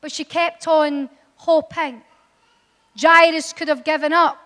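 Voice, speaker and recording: A woman preaching a sermon in a church, impassioned and building to loud, emphatic appeals. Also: sits high, level tone, slow. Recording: long hall reverb.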